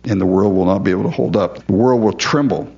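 A man's voice: sits low, fast, creaky, dark tone, slightly rough. A man preaching a verse-by-verse Bible teaching in a conversational, emphatic way, often asking his listeners questions. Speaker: pastor. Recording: dull lo-fi recording.

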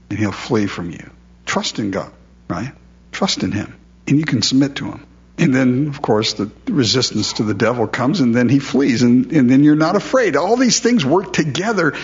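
A man's voice: medium pitch, muffled recording. A man preaching a sermon in a conversational way, asking his listeners questions and repeating words as he goes. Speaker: pastor.

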